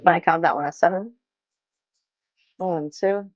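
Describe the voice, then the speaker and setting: This fitness livestreamer, a young adult woman from Massachusetts with a matching accent, works out at an indoor gym, counting reps and chatting casually with her audience. Her voice is on the low side and a little slow, recorded dry with the highs cut off.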